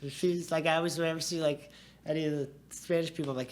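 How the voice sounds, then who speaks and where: A man in his forties talks casually as a podcast guest, his voice sitting a little high. He rambles in an animated, loose way, dropping "dude" and "like" as he goes. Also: quick pace. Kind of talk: casual chat.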